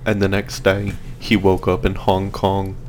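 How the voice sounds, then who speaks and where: A man's voice: low-pitched, completely flat delivery, unhurried, a little hiss or hum. A man co-hosting a casual podcast, chiming in with goofy questions and jokes. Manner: goofy, interjects with jokey questions. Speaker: podcast co-host. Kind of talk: casual chat.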